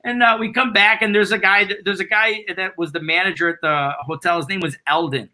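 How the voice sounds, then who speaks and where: A middle-aged man, a band founder, excitedly rambling through road anecdotes as a guest in a casual interview. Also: high voice, fairly quick. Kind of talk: casual storytelling.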